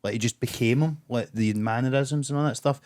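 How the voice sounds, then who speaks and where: Blunt, sweary Scottish podcast host. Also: male voice, medium pitch, a little fast, a little mellow. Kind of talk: casual podcast chat.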